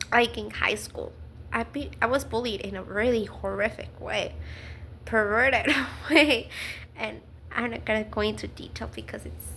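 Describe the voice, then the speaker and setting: A woman speaks to camera in a personal vlog, slow and unhurried, her voice sitting a little high. She talks earnestly, stopping and restarting often with fillers. A faint hum of ambience sits behind her. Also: pushed and bright. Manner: earnest, halting, many fillers and restarts, nervous laughs. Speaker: vlogger.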